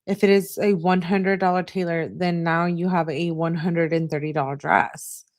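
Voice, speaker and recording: A woman hosting her channel, casually reading text messages aloud and adding short remarks of her own. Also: on the low side. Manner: reads messages in a flat, unhurried voice with short asides.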